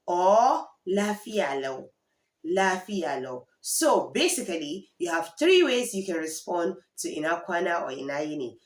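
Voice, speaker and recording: A woman giving a language lesson with a lively, rising and falling voice. She says each phrase slowly and repeats it so learners can follow. The sound has an echoey, roomy quality. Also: on the low side. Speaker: language teacher.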